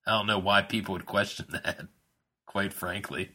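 A man's voice: sits low, fairly even intonation, moderate pace, pushed and bright, breathy edge. A man co-hosting a casual wrestling chat, rambling with many fillers and restarts and often laughing. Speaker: podcast co-host.

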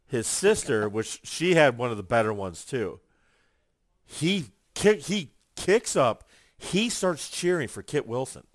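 A man chatting casually on a podcast, his pitch swooping up and down as he acts out quotes from his stories. The sound is dry and close, with no room echo. His storytelling is lively and vivid. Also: slow. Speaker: podcast co-host. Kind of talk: casual chat.

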